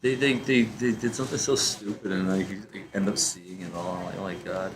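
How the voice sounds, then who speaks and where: A man reacts to videos in rambling, casual commentary, sounding incredulous, swearing often, and trailing off into laughs. His low voice holds a steady tone and runs a little fast over a noisy background.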